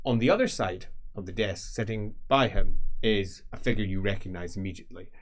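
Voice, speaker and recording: A man's voice: on the low side, brisk. A man narrating a tabletop fantasy game as game master, descriptive and casually swearing.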